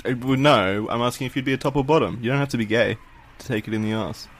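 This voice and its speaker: A man's voice: mid-range voice, fast. A man moderating a casual podcast, persistently prodding his friends with questions. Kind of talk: casual chat.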